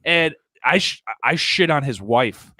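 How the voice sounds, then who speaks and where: A man telling stand-up road stories in a casual podcast chat, brash and profane, sometimes loud and laughing. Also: fairly high pitch, animated, measured pace, dry recording. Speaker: touring stand-up comedian, podcast guest.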